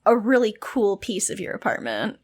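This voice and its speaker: A woman's voice: medium pitch, big pitch swings, moderate pace. A young woman co-hosting a podcast in casual chat, enthusiastic and agreeable. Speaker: podcast co-host.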